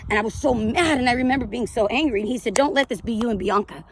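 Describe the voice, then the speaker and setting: Fast-talking blunt woman, noisy background. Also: a little high. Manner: raw, blunt, emotional, swears freely. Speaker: recovering addict sharing her story. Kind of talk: candid testimonial vlog.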